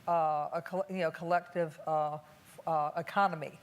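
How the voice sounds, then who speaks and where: An older woman from Cleveland speaking on a panel before an audience, thoughtful and unhurried, with many filler pauses. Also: low-pitched, fairly even intonation, clear, resonant tone. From Cleveland, USA. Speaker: panelist and activist. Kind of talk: public panel talk. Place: museum talk before an audience.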